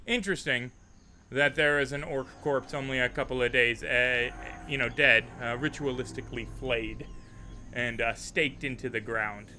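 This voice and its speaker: A man narrating a tabletop game as game master, relaxed and chatty with frequent fillers. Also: medium pitch, moderate pace, slight background noise.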